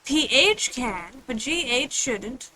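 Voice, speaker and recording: Woman game streamer, bright clear voice, slightly high, rambling casual chat, faint room hiss. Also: lively intonation, slow pace, low-quality recording. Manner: chatty, rambling, reads chat aloud. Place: home room with others nearby.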